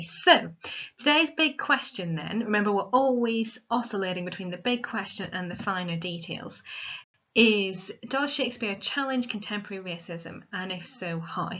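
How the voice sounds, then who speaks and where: A woman teacher giving a recorded literature lesson, explaining step by step in a clear, methodical way. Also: medium pitch, bright, forceful tone. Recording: dull lo-fi recording.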